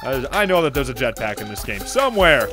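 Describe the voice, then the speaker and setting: A young adult host giving let's play commentary, excitable and quick to burst into shrieks and laughter. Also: mid-range voice. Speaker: gaming video host. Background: game music.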